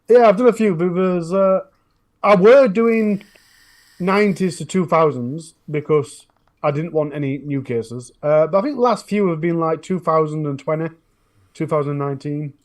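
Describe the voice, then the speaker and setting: A man's voice: fairly high pitch, normal speed. A man with a Northern English accent, chatting casually on a podcast about his true crime channel, telling stories in a rambling way with many restarts. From northern England. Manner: rambling storytelling with frequent restarts.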